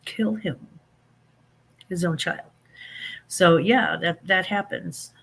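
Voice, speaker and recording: Bright, chatty man hosting a livestream. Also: high-pitched, vocal fry, breathy edge. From Saint Louis. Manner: animated, chatty, drawn-out emphatic phrases. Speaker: livestream host. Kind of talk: casual livestream chat reading comments.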